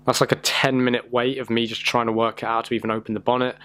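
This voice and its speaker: A man's voice: medium pitch, level tone, quick pace, a bit bright. A young man from the United Kingdom, chatting casually and self-deprecatingly in a vlog, rambling with fillers. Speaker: vlogger. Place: in a car and outdoors by a house.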